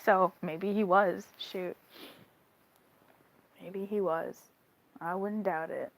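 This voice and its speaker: A young woman reading tarot on a live stream, chatting with viewers in an animated way, laughing often and swearing casually. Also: fairly low pitch, slow pace, vocal fry. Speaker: tarot card reader.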